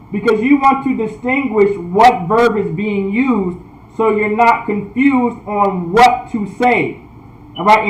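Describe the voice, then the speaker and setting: A man teaching a language class online, repeating points, often asking "all right?", and sounding out words slowly. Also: high voice, roomy sound, rough recording. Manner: repetitive, checks in with "all right?"; restarts sentences often. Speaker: priest.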